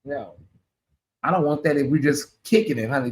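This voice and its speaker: A man's voice: on the high side, normal speed. A man hosting a casual livestream chat, sassy and chatty, calling his listeners honey and y'all. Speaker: channel host.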